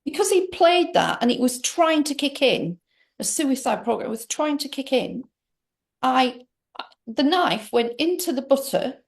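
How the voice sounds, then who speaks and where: Lady in her middle years, kinda high and gravelly, rambling emphatic storytelling to an interviewer. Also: animated, unhurried. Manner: rambling, emphatic, with many restarts. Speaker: interview guest. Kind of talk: personal story told in conversation.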